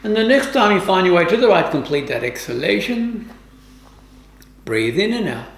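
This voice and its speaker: A woman yoga teacher giving calm, measured instructions with formal, old-fashioned phrasing during a guided class. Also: fairly low pitch. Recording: roomy, echoey room.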